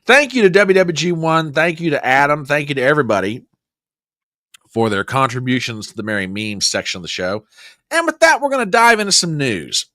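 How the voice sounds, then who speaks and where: Guy hosting a news chat show, bright voice, bouncy pitch, jokey and sarcastic. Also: sing-song, brisk, no room sound, clean studio sound. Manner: joking, rambling, sarcastic asides. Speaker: host. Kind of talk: casual news commentary show.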